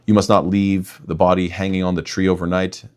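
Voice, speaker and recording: A man's voice: sits low, little pitch movement, fairly quick, darkish tone. A young man talking straight to his listeners in an emphatic religious rebuttal, often calling them "guys". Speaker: imam and apologetics speaker.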